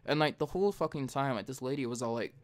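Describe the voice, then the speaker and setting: A young man hosting a casual late-night podcast, retelling a story in a profane, heated way. He jumps high and loud when he imitates himself. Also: fast. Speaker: podcast host.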